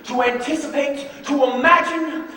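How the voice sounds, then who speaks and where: Man playing a glib con-man salesman. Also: extremely high pitch. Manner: fast, glib, flattering patter. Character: smooth-talking traveling salesman posing as professor. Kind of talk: stage musical acting. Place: theater stage. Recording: echoey hall, miked from far off with music.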